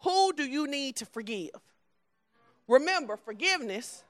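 A woman preaching a conversational sermon, blunt and emphatic, at times dropping soft and low. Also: expressive, unhurried, no echo, soft background music.

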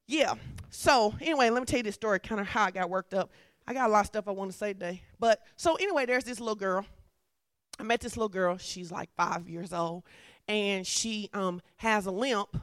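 A woman's voice: mid-range voice, brisk, dry recording, studio quality. A woman preacher, delivering a sermon in a conversational style that builds to fervent emphasis.

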